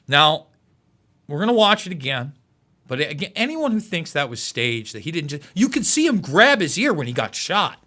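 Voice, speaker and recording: An emotional male host talks through live news commentary, tripping over his words and repeating himself. His voice sits high and swings widely in pitch, with a bright, forceful edge. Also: very animated, moderate pace.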